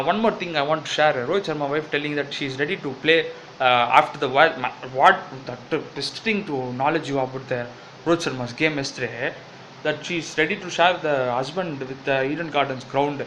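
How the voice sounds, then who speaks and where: A man doing a bossy cricket mascot with an Indian English accent, loud and pushy, rambling through his points with plenty of fillers. His voice is bright and forceful, and faint background hum sits under it. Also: fairly high pitch, brisk, natural voice, low-quality recording. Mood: chatty. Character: brash bossy cricket-league mascot named Jill. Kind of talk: comic double-role sketch.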